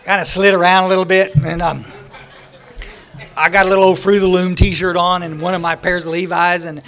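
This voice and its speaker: A man's voice: high voice, little pitch movement, a little fast, fairly bright tone. Folksy man telling his story. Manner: folksy storytelling with jokes and laughter. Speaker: speaker sharing his recovery story. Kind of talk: recovery meeting talk.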